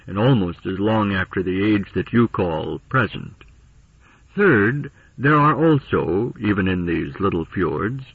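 Brief: low, husky male narrator, expressive rise and fall, heard through a thin, phone-like old radio line. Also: dry recording. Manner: measured, solemn, expressive. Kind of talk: scripted storybook narration. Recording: tinny distant old radio broadcast.

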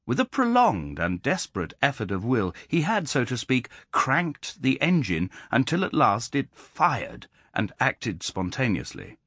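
Expressive male audiobook narrator. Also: mid-range voice, breathy edge, dry recording, studio quality. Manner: measured, expressive storytelling.

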